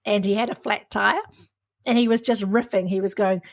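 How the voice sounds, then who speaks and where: A middle-aged woman with a New Zealand accent, co-hosting a casual podcast chat in a lively, joking way. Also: medium pitch, creaky. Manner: lively, joking, quick to tease. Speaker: podcast co-host.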